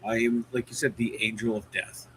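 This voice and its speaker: A man's voice: mid-range voice, little pitch movement, brisk, a bit bright, slight background noise, poor audio. A man who produces and co-hosts a sports talk show, joking and playfully boastful. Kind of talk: casual sports chat.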